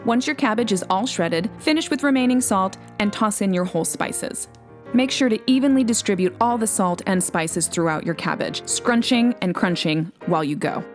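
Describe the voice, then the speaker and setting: A woman narrates a cooking tutorial in voice-over, explaining each step plainly and evenly. Her pitch sits in the middle of the range. Faint music runs behind her voice. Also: normal speed. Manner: clear, steady, step-by-step explaining. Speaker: cooking show host. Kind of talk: instructional recipe voice-over.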